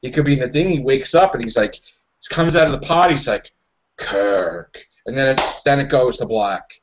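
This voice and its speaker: A man's voice: mid-range voice, brisk. Guy hosting a chill podcast call, lots of ums, kinda dull lo-fi audio. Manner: relaxed, hesitant with fillers. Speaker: podcast host. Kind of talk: casual online podcast chat. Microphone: online call mic.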